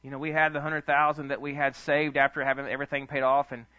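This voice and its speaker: A male pastor, telling stories in a sermon with an animated, chuckling manner. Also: medium pitch, quick pace, no room sound. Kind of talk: storytelling sermon. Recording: dull lo-fi dry sound.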